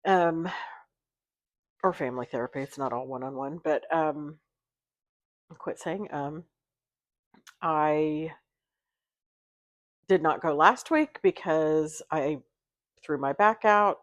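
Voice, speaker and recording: A woman's voice: low voice, lively intonation, unhurried, pauses often, no echo, clean studio sound. A sick woman in a candid, rambling vlog, talking with many fillers. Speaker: vlogger and therapy intern. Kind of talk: casual confessional vlog.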